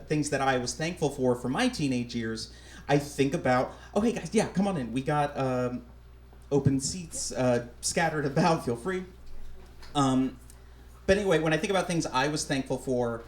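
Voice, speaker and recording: A young man from Alabama hosting a live storytelling show on a small theater stage, chatty and joking at his own expense. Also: medium pitch. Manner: chatty, self-deprecating, joking. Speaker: host. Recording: roomy live theater sound.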